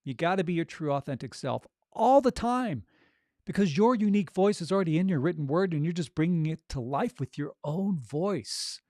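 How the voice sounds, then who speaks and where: A man's voice: fairly high pitch, lively intonation, moderate pace, darkish tone, dry recording, studio quality. Upbeat, chatty man coaching. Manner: conversational, upbeat, with frequent fillers. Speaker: audiobook narration coach. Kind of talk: casual coaching chat.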